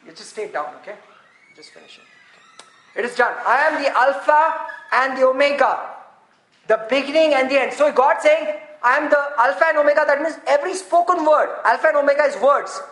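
A woman preaching a sermon, animated and laughing often, sometimes rising to shouts. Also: sits high, brisk, echoey room.

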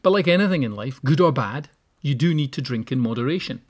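A man's voice: mid-range voice, lively intonation, fast talker. A man hosting a solo podcast, giving practical tips with wry, joking asides. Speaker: podcast host. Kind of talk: solo podcast advice talk.

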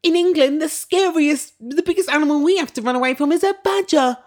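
A British recap host mimicking an affected woman with an odd hybrid accent, in a prissy, high-pitched mocking voice. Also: unhurried.

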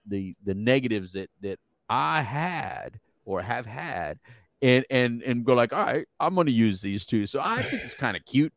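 Casting: middle-aged male podcast host, animated storyteller, dry close sound, swinging pitch. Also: no room sound. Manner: animated storyteller, laughs often, repeats words. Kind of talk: casual chat.

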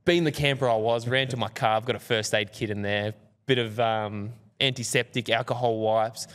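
A young man telling a self-mocking story as a podcast guest, animated and joking. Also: medium pitch, moderate pace, clear, resonant tone, in a large hall. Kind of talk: casual storytelling. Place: podcast studio.

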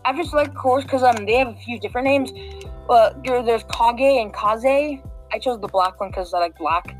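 A woman talks through a game mission in easy, meandering chat. Her voice sits fairly high, and she keeps restarting and filling gaps with "like" and "um". Faint music plays under her. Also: moderate pace, rough recording. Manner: rambling, full of fillers and restarts. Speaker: game walkthrough guide. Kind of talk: casual walkthrough chat.

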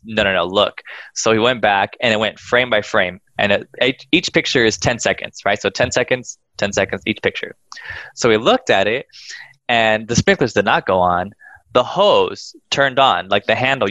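Male podcast storyteller, low voice, animated and profane, close dry lo-fi sound. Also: no echo. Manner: animated, swears freely, acts out quoted voices.

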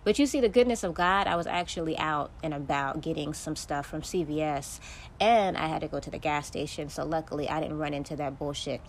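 A woman's voice: low-pitched, brisk, slight background noise. A woman hosting her own podcast, venting in a heavily profane, emphatic solo monologue. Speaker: podcast host.

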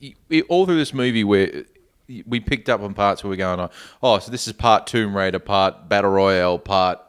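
A man's voice: on the low side, normal speed, clear, resonant tone. A man in casual movie chat, telling the story with lots of laughter. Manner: lively storytelling, acts out characters, laughs. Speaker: podcast co-host.

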